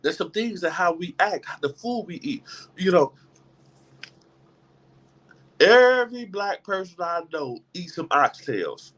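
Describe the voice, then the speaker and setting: High-voiced man giving an emphatic motivational talk. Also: very animated, takes it slowly, pauses often, a bit bright. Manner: emphatic preacher-like delivery with many repetitions. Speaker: motivational speaker. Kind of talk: motivational talk to a live group.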